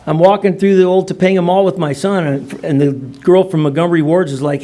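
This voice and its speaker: A middle-aged man shares his recovery story at a meeting. His voice sits a little high for a man, and he rambles through it in a loose, joking way full of casual slang. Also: fast, hardly any pauses, mellow. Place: meeting room.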